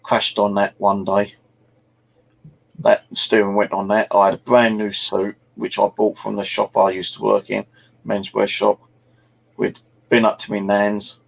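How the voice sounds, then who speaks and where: A middle-aged man hosts a casual chat, his voice low and gravelly. He rambles through his stories and swears freely along the way. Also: monotone, unhurried. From South East England. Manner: rambling anecdotes, peppered with swearing. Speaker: channel host.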